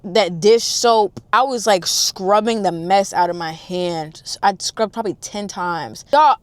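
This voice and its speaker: A woman's voice: mid-range voice, a little slow, dry recording. Dramatic chatty woman telling a story. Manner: dramatic, animated, chatty, addresses the audience as y'all. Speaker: storytime vlogger. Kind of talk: storytime vlog.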